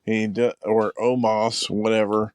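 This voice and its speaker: Man, casual podcast co-host, rambling with fillers, lowish voice, dry close sound. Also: a little slow, no echo. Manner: rambling, full of fillers and quoted asides. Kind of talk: casual chat.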